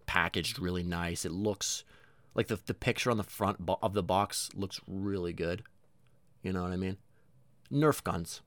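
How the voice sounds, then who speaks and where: Lively, rambling, profane male podcast host. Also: low-pitched, no echo. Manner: rambling, profane, self-mocking; energetic. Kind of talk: casual solo monologue.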